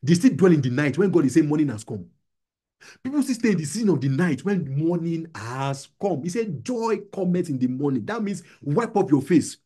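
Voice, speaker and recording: A man's voice: on the high side, very animated, fairly quick, mellow, slightly rough. A young adult male pastor preaching a sermon to a small gathering, urging and repeating his lines. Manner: exhorting, repetitive preaching with call-and-response.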